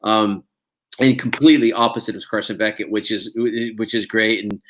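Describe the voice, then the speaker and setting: A man's voice: fairly low pitch, steady tone, moderate pace, fairly bright tone, a little hiss or hum. A man, an actor being interviewed, talking casually and rambling with many restarts.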